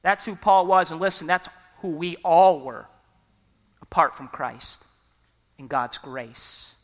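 A preacher giving an emphatic sermon who often pauses for the congregation to fill in a word and keeps urging people to listen. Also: medium pitch, big-room sound. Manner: repeatedly urges listeners to listen.

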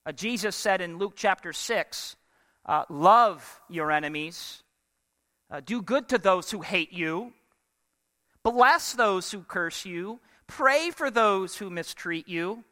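A man's voice: high-pitched, animated, slow pace, bright, forceful tone, in a large hall. A man preaching a sermon as pastor, emphatic and full of rhetorical questions put to the congregation.

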